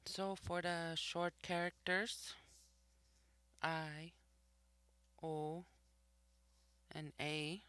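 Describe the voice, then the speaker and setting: A language teacher talks through a recorded vocabulary lesson at a slow, deliberate pace. Each word is said twice and then its meaning is explained, all in a level, even voice. The recording is dry and close. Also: medium pitch, clear, resonant tone, no echo. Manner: explains each word's meaning after saying it.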